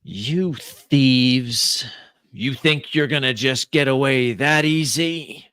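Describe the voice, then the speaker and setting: A man's voice: medium pitch, takes it slowly, bright, forceful tone, smooth, no room sound, studio quality. A man voicing a frail, older male villain who speaks through a giant robot, menacing and gloating at thieves.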